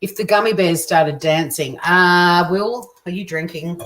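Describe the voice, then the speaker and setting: A woman's voice: lowish voice, measured pace, fairly bright tone. An Australian woman hosting a casual live cooking stream, chatting, joking crudely and reading out viewer comments as she cooks. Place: home kitchen. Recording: distant mic with faint kitchen clatter. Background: clinking dishes and cutlery.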